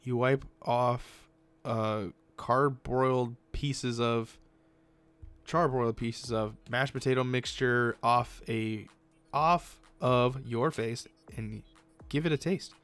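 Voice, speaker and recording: Brief: male let's-play host reading a story game aloud, casual, average pitch, faint music behind. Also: steady tone, slow pace, a bit bright, clear, resonant tone, no echo. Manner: casual, with self-corrections.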